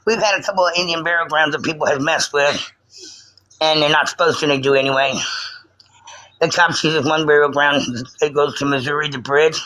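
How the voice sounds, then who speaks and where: A man calling in to share a story, speaking haltingly and repeating words. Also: a little high, fairly even intonation, bright, forceful tone, poor audio. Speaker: caller telling a story. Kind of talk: casual storytelling.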